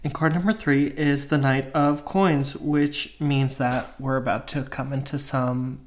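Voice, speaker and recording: A man's voice: medium pitch, steady tone, a little slow. A man co-hosting a casual podcast, chatty and joking with plenty of um fillers. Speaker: podcast co-host.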